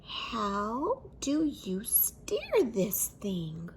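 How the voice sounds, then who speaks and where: A woman's voice: a little high, wildly swooping pitch, drawn-out words, slight background noise, exaggerated voice. Grandpa Dan, grumbling old man, as a woman reads. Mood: flustered. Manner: grumbling, exclaiming. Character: grumpy old grandfather, easily flustered.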